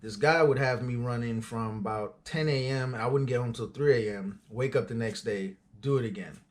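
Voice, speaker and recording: A man's voice: medium pitch, moderate pace. Casual forty-year-old man telling his story. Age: 40s. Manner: loose and conversational, frequent fillers and asides. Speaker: auto transport business owner.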